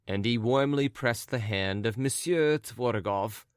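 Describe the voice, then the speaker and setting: Smooth-voiced male audiobook narrator. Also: medium pitch, a little slow, no echo, clean studio sound. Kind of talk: scripted narration.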